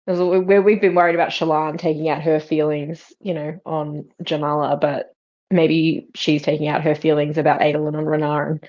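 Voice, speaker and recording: A woman's voice: sits low, level tone, normal speed, a little mellow. A tired woman co-hosting a podcast, making laid-back comments in a casual book discussion. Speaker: podcast co-host. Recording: slightly muffled fuzzy audio.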